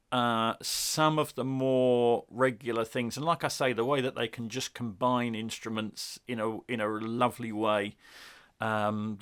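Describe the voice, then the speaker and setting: A British man giving a casual, wry spoken review of music software, chatty and self-deprecating. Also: mid-range voice. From Britain.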